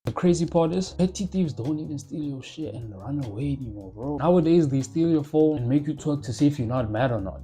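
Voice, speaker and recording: A young South African man telling stories in a comedic monologue, animated and full of slang and loud jokes. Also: a little high, a little fast, hardly any pauses. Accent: South African English. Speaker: comedy YouTuber.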